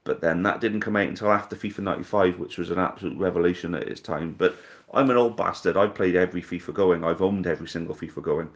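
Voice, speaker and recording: A man's voice: deep voice, fast talker, hardly any pauses. A man in his thirties hosting a live stream, casually reading out viewer comments and answering in a blunt, jokey, sweary way. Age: 30s. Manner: laid-back, blunt and jokey, swears freely.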